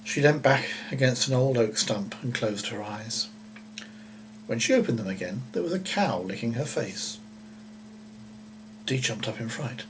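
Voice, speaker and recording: A man reads a children's story aloud at a gentle, unhurried pace. His voice sits at an ordinary middle pitch, with small slips and restarts now and then. A faint hum runs behind him. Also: animated, low-quality recording.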